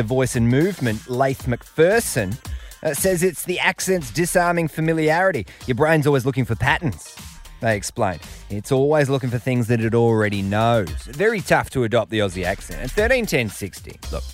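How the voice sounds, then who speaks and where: A man hosts a radio show and chats in a loose, jokey way. His pitch sits in an ordinary middle range. A faint bed of music plays behind him. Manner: jokey, chatty, puts on voices. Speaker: radio host. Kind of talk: casual radio talk.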